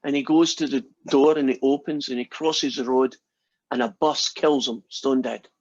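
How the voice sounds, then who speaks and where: A man's voice: medium pitch, steady tone, normal speed, lo-fi sound. A man, a math lecturer, telling jokes to his class in a chatty, playful way. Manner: chatty, playful, addresses students by name. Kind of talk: casual classroom joke-telling.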